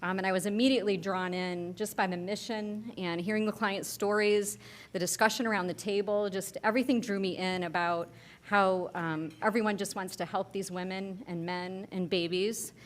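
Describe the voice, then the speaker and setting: A woman's voice: mid-range voice, steady tone, moderate pace, slight background noise. A woman, the board treasurer, giving an earnest banquet update with many filler "ums". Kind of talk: banquet speech.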